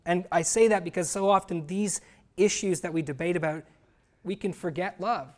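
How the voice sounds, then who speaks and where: A man's voice: high voice, moderate pace. A male pastor preaching earnestly to his congregation. He drives each point home with emphasis and regularly calls out questions to the listeners. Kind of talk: sermon.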